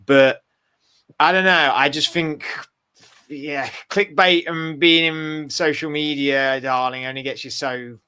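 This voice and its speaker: Male co-host, bright voice, loose and rambling. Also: a little high, steady tone, unhurried, clear, resonant tone. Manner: rambling, thinks aloud with restarts. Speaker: podcast co-host. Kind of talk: casual chat.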